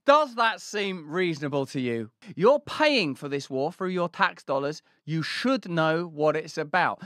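A man delivers a commentary monologue as host, his voice sitting high for a man. He talks in a grand, mocking way and slips into imagined voices to make his points. The sound is dry and close. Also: expressive, normal speed, few pauses, pushed and bright, no echo. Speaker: show host.

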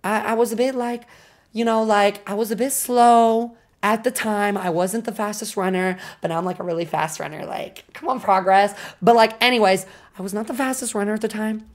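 A young woman streamer telling a story to her chat, animated and full of swearing and fillers. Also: medium pitch, moderate pace. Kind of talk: casual storytelling to a live chat.

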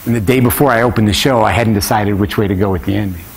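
Animated man telling a stand-up story. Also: on the low side, racing. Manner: animated, bursts into shouted exclamations; conversational asides to the audience. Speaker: comedian and storyteller. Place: stage at a live conference event.

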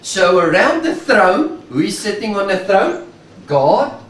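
A man preaching a sermon, emphatic and slow, repeating key words and stretching out phrases. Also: high-pitched, big pitch swings, a bit bright. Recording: echoey room, mic at a distance.

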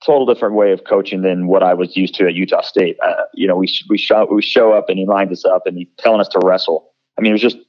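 Deep-voiced guy in his 30s recalling football days, lots of restarts, kinda muffled lo-fi sound. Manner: halting, many restarts and fillers, lively when quoting others. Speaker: guest, former college football player. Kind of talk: conversational interview storytelling.

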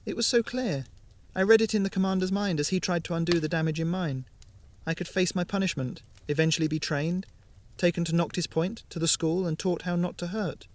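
A man voicing a calm young woman with strange powers, speaking softly and slowly. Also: sits high, voice pushed up, close to an everyday voice. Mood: quiet. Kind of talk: audiobook character voice.

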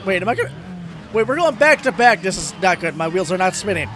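A man hosting a let's play of a racing game, excitable, yelping and cursing at the game and joking about his own driving. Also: high-pitched, fast, some chatter behind, a little hiss or hum. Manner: self-deprecating joking. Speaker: gaming video host. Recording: game music behind.

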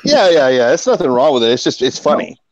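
A man's voice: mid-range voice, sing-song, quick pace, no echo. Joking man on dull call audio. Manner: joking storyteller, laughs at his own jokes. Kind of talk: casual group chat.

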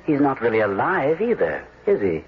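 An actor playing a kindly, weary angel in a 1970s radio drama, gently ironic and theatrical. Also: male voice, mid-range voice, huge pitch swings, normal speed, noisy background. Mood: wry. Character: kindly weary male angel, middle-aged. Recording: muffled lo-fi radio recording.

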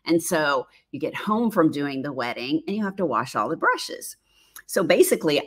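Chatty low-voiced woman in her fifties. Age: 50s. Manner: chatty, laughs often, rambling asides. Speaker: livestream host, former makeup artist. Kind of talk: casual live-stream chat reading viewer comments.

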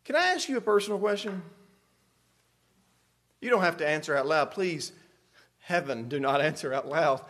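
A male pastor preaching a sermon into a close microphone, moving between quiet asides and dramatic shouted passages. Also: fairly high pitch, animated, normal speed, long pauses. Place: church sanctuary.

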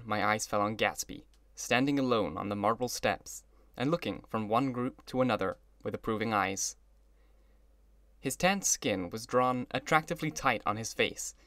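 A man reads a classic novel aloud in a steady, mid-pitched voice. The delivery is even and measured, and the recording is close and dry, with no room sound. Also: no echo. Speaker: audiobook narrator. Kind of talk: scripted narration of a novel.

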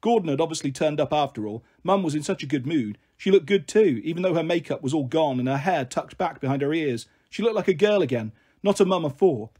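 A man narrating a children's novel in a gentle first-person storytelling manner. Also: on the high side, expressive, a little fast, husky. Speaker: story reader.

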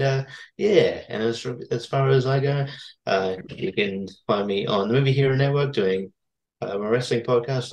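Aussie guy on a podcast, rambly, lots of uhs and restarts, middling pitch. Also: darkish tone. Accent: Australian. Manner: rambling with many fillers and restarts. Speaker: podcast guest. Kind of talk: casual chat.

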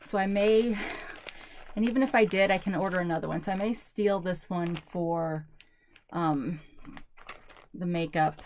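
A woman's voice: fairly low pitch, a little slow, long pauses, a little mellow, a little hiss or hum. A woman vlogger chatting casually through a product haul, rambling and thinking aloud with lots of fillers. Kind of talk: casual product review chat.

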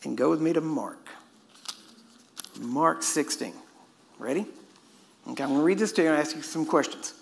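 A man's voice: fairly high pitch, moderate pace, vocal fry, long pauses. A man preaching a sermon, emphatic and constantly quizzing his listeners. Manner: emphatic, questioning the audience.

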